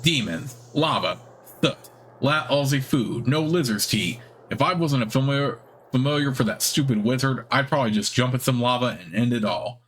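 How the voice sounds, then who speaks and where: A man's voice: mid-range voice, expressive, moderate pace, a bit bright, slight background noise, natural voice. Grumpy old cat familiar, sullen, complaining, a man reading him out, video game dialogue. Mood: sulky.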